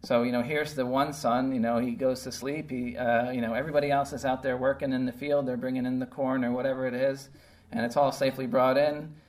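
A man's voice: mid-range voice, flat delivery, fairly quick, a little mellow. Man teaching scripture conversationally. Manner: conversational, checks in with "okay?" and "right?". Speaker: Bible teacher. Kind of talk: casual verse-by-verse Bible teaching.

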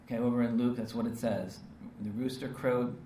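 With a warm, steady mid-range voice, a man preaches fairly quickly, staying earnest and emphatic while checking in through frequent rhetorical "right?" and "okay?" tags. The recording sounds roomy and distant, with faint ambience and slight background noise.

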